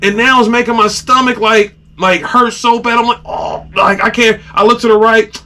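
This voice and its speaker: Man, podcast host, casual storytelling, animated, bright voice. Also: very high voice, moderate pace. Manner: animated, acts out his own reactions and sound effects.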